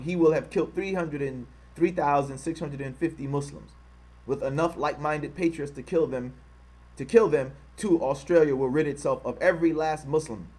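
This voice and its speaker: Husky man hosting a heated livestream. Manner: repetitive, grows loud and high when heated, mocking quoted voices. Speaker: online show host. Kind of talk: livestream commentary reading from a screen.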